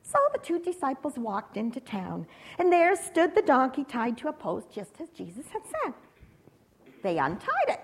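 A woman leads young children through a prayer and an acted-out story. Her high voice swings widely in pitch as she narrates, and she prompts the children with animated encouragement. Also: moderate pace, husky. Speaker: children's church leader.

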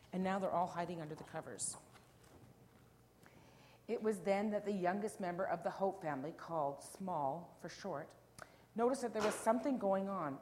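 Animated woman reading a picture book. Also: fairly low pitch, moderate pace, slight background noise. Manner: animated, asks the listeners questions, drops to whispers. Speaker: storyteller.

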